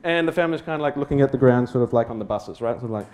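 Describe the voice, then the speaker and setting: Racing along in a medium-pitched voice with a darkish tone, an Australian man tells a humorous story about himself on stage. He rambles through many fillers and restarts, self-deprecating asides and casual swearing.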